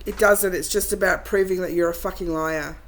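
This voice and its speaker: A woman's voice: on the low side, steady tone, a little fast, slight background noise, rough recording. A woman commenting over a livestream clip, blunt and mocking in her remarks. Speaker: reaction commentator. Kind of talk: sarcastic commentary over a stream.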